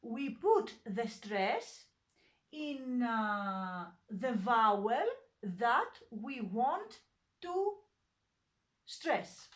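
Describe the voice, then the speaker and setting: Slow, patient woman teaching a lesson. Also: on the high side, a bit bright. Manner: patient, many fillers and self-corrections. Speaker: language teacher. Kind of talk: slow, hesitant online lesson explanation.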